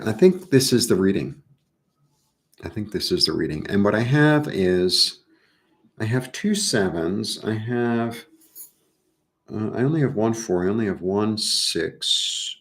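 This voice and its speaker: A middle-aged man chatting casually through a live tarot reading, rambling with animated asides. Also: low-pitched. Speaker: tarot reader.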